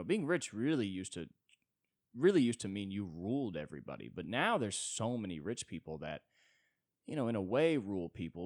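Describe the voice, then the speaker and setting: A man's voice: low voice, no room sound, studio quality. A man hosting a solo podcast and riffing comedically, rambling with frequent "you know" fillers. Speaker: podcast host.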